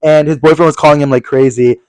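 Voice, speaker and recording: A young podcast co-host tells a story in casual chat, talking fast in a slightly high voice, animated and swearing a lot as he acts out angry quotes. The low-quality recording has no echo.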